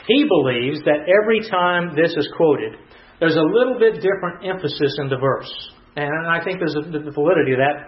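A man preaching an expository sermon to a congregation, teaching verse by verse with repeated phrases and fillers. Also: fairly high pitch. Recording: roomy, dull recording.

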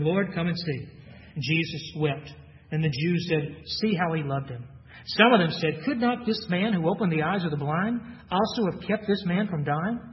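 A man with a high voice delivers an earnest sermon, reading verses aloud and then unpacking them. The sound is muffled, with long reverb from a large church hall. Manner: earnest, reads scripture aloud then explains it. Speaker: preacher. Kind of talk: expository sermon.

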